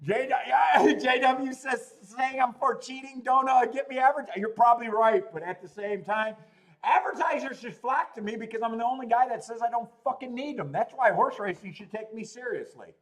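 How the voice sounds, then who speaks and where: A man's voice: very high-pitched, animated, normal speed. A man hosting a live stream, worked up and ranting, pleading, swearing and laughing as he talks. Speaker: host. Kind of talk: live-stream chat rant.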